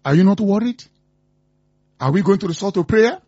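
A man's voice: high-pitched, animated, moderate pace, darkish tone, husky, no echo, muffled recording. A man with a Nigerian accent hosting a radio show, delivering impassioned commentary full of repeated rhetorical questions. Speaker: radio host.

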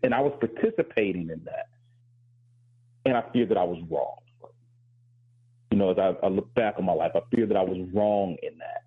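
A man's voice: sits low, normal speed, long pauses, husky, phone-quality sound. A male professor hosting a talk show, speaking candidly and reflectively with frequent restarts. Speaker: host and professor.

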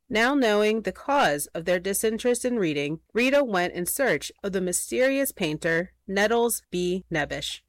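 A woman narrating a children's storybook aloud in an expressive, playful way. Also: mid-range voice, no room sound.

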